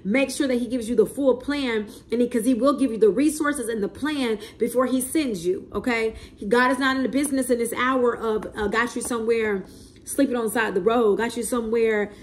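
A woman's voice: a little high, fairly quick, slight background noise. A woman, preaching prophecy in a spontaneous, emphatic way, repeating herself and often asking "okay?" and "right?". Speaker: self-described prophet.

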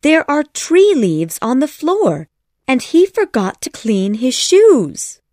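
A woman's voice: high-pitched, huge pitch swings, takes it slowly, darkish tone, no room sound, clean studio sound, voice pushed up, exaggerated voice. A woman voicing an eager little girl who insists and exclaims in a storybook audiobook. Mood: excited. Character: eager excited little girl, a true believer.

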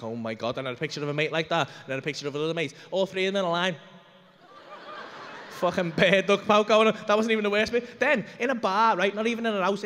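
A man telling a stand-up comedy story on a club stage, animated and full of swearing, acting out the dialogue. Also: high-pitched.

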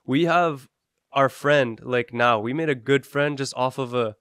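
Young man, relaxed podcast guest, medium pitch, dry close sound. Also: unhurried, clean tone, no room sound. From Canada. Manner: relaxed, laid-back, drops man and bro. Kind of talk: casual chat.

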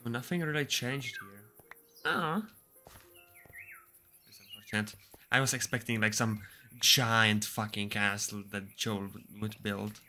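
A man's voice: fairly low pitch, a little slow, pauses often, sharp tone, faint music behind. A young man streaming a game, chatting casually with crude jokes and frequent laughter. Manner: joking, crude, laughs often. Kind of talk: casual gaming stream chat.

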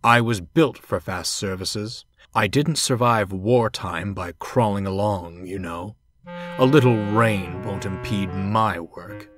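A man's voice: lowish voice, takes it slowly, a bit bright, no room sound, faint music behind. A man voicing a smug, scheming male steam engine who talks slyly and feigns innocence. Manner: sly, self-satisfied, feigned innocence.

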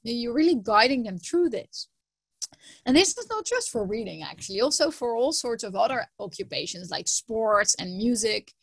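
A computer science professor gives a conference talk in a fairly high voice with vocal fry and a breathy edge. She speaks at normal speed, telling stories in a lively way and doubling words for emphasis. The sound is dry and close, with no room echo.

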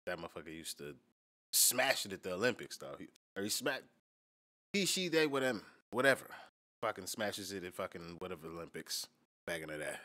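A man's voice: sits low, big pitch swings, fairly quick. An American man casually reacting to a video with profane, joking banter. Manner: profane, loud, laughing banter. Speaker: reaction streamer.

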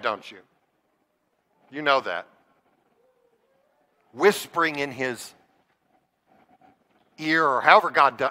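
Earnest guy preaching, high bright voice, big church reverb. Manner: earnest, questioning the congregation directly. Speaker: pastor. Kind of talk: sermon. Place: church sanctuary.

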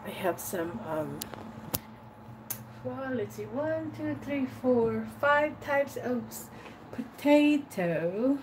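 A woman's voice: high voice, expressive, slow pace. A woman from the Philippines hosting a casual cooking livestream from her home kitchen, greeting viewers by name and humming while she works. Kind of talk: casual live-stream chat. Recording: distant mic with background noise.

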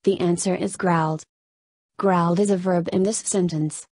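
A woman teacher narrating a scripted lesson, reading slowly and carefully and addressing her students. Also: lowish voice, steady tone, a little mellow, slightly rough, no room sound.

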